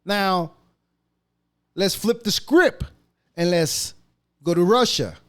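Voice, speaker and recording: A man's voice: sits high, expressive, slow, a bit bright. A man hosting a podcast, ranting casually in a profane, mocking way. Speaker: podcast host. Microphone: podcast mic.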